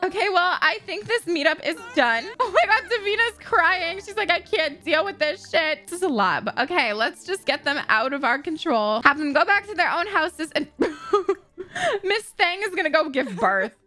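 A woman's voice: very high voice, animated, moderate pace, bright, forceful tone. A young adult woman doing dramatic let's-play commentary over a life-sim game, swearing freely, gasping and laughing. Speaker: gaming video host.

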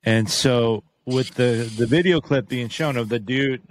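A man co-hosting a casual podcast, rambling and halting with frequent restarts and casual swearing. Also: mid-range voice, a little hiss or hum. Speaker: podcast co-host. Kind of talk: casual chat.

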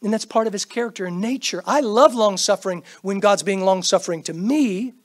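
A middle-aged pastor preaching a sermon in church, swinging between loud bursts and hushed asides and acting out quoted prayers and greetings. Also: male voice, high-pitched, brisk. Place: church sanctuary.

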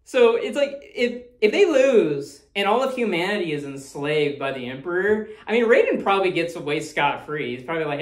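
A man's voice: high voice, very animated, normal speed. A man talking casually as the host of a movie review, rambling, swearing freely and laughing often. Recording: roomy echo.

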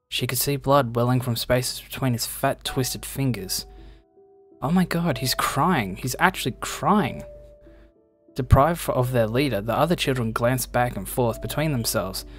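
A man reading a game's story text aloud with a steady storytelling delivery. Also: medium pitch. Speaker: reader of game story text.

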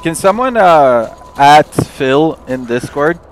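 A man's voice: a little high, big pitch swings, takes it slowly, slight background noise. A man chatting casually and a little hesitantly while playing a co-op game with a friend. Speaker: co-op gamer. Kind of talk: casual let's-play chat.

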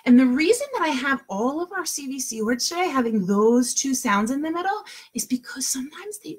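A woman teaching a phonics lesson to young children, with slow, drawn-out sounds and lots of praise. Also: fairly high pitch, breathy edge. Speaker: kindergarten teacher.

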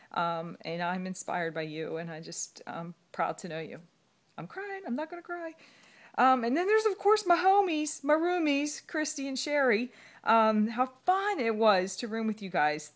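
A middle-aged woman gushes through a heartfelt thank-you to her team, her slightly low voice rising and cracking as she fights back tears. She talks casually, stringing thoughts together with plenty of ums. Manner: gushing and effusive, many ums, voice rising and cracking near tears.

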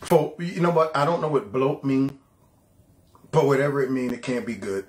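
A man's voice: medium pitch, normal speed. A man hosting a political reaction show with sarcastic, mocking commentary. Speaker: commentary host.

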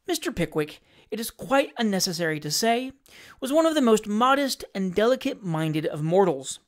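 A woman with a mid-range voice narrates an audiobook of a classic novel, reading aloud in a measured, expressive storytelling manner.

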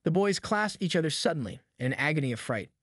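A man's voice: fairly high pitch, very animated, quick pace, a bit bright, no echo. A man narrating a classic novel as an audiobook, reading from a script into a close microphone.

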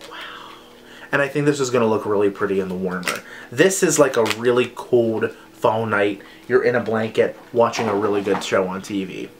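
A man's voice: fairly low pitch, slight background noise. A young man chatting casually to camera as he reviews wax melts, rambling and filling his talk with "like" and "um". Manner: chatty, rambling, says "like" often.

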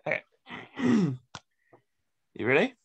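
A man hosting a casual interview, playful and quick to laugh. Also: a little high, big pitch swings, gravelly, husky. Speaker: interview host.

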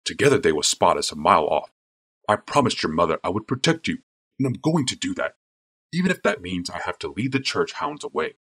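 A man voicing a gruff, husky older mage. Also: very animated, a little fast, a bit bright, full character voice. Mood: urgent, firm. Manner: firm, low-voiced urging. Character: gruff older male mage, stern and protective. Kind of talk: audiobook character voice.

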